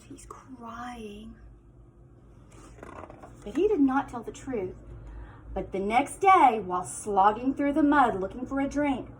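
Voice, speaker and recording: A woman teacher reads a children's picture book aloud with expressive, sing-song storytelling. Her voice sits high and ranges widely, dropping to hushed asides now and then. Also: a little hiss or hum.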